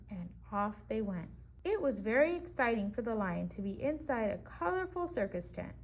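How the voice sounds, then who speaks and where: A woman reading a picture book aloud to preschoolers at a slow, easy pace. Her voice sits fairly high, and she stops now and then to put questions to the children. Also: a little mellow. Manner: pauses to ask children questions. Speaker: preschool teacher.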